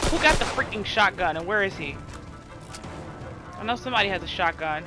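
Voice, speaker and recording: A woman's voice: mid-range voice, animated, a little fast. A woman playing a video game, joking and exclaiming at the game as she goes. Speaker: gamer. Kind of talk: let's play commentary. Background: game music and gunfire.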